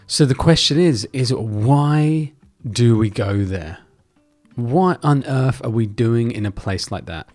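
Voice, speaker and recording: A man's voice: lowish voice, darkish tone, no echo. A man in his thirties, a Christian video host, giving earnest commentary to his viewers and reading aloud from scripture. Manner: earnest, persuasive. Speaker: Christian YouTuber.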